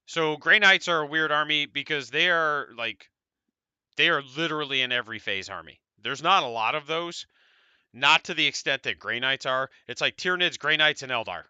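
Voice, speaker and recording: This podcast co-host, an American man, rambles casually through tabletop wargame talk and swears from time to time. He speaks a little high and expressively at a moderate pace, his tone sharp and clean. The recording has no echo, and its highs are cut off.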